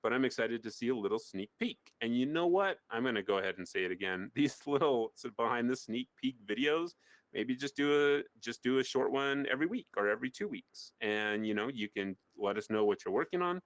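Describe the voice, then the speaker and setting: A man co-hosting a casual gaming podcast, animated and sarcastic, rambling with restarts. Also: medium pitch, brisk, dry recording. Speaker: podcast co-host. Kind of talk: casual chat.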